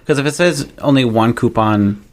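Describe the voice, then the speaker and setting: Man, podcast co-host, mid-pitched, emphatic ranting in casual chat. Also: moderate pace. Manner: ranting, emphatic about rules.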